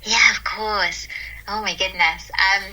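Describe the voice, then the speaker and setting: Brief: woman guest, very bright voice, earnest storyteller who laughs easily mid-sentence. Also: medium pitch, steady tone, takes it slowly, poor audio. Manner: warm, earnest, laughs often while telling stories. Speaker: guest, calm mentor. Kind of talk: casual interview storytelling.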